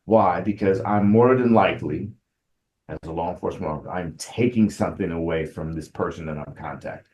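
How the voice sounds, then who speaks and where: A middle-aged man with a low voice talks in a casual interview. He is a police sergeant from Compton and speaks in a relaxed, reflective way. When he tells a story he turns lively and laughs easily. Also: fairly quick, echoey room. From Compton, California.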